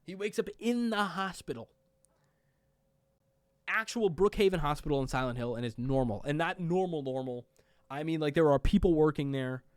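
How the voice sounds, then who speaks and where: A man's voice: fairly high pitch, expressive, moderate pace, dry recording. Guy rambling through a movie recap, tons of likes and ums, dry close sound. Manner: rambling, fillers like "like" and "um". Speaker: movie reviewer. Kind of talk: casual movie plot recap.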